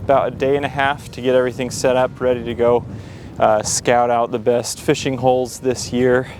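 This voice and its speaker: A man's voice: mid-range voice, flat delivery, normal speed, a little mellow. A man vlogging outdoors on windy tundra as a wildlife photographer, enthusiastic and rambling, with lots of fillers and a bit out of breath. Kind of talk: casual vlog to camera.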